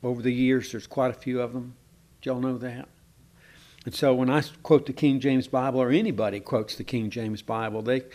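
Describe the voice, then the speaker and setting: A preacher with a drawl leads his congregation through a Bible text, informal and searching. He halts on plenty of fillers and keeps asking listeners what they think. His voice is medium-pitched and a little mellow.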